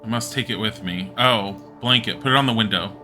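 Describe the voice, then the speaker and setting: Bright-voiced man rambling through a game. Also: fairly low pitch, fairly quick, faint music behind. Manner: rambling, thinking aloud. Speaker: streamer. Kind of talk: game playthrough commentary.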